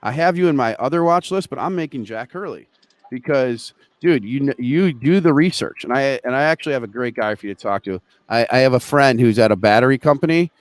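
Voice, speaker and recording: A male host of a live market chat show, excitable and joking, tumbling over his own words as he goes. His voice is smooth and resonant, and it sits close and dry with no room around it. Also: medium pitch, fairly quick, no room sound. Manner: excitable, joking, scattered restarts.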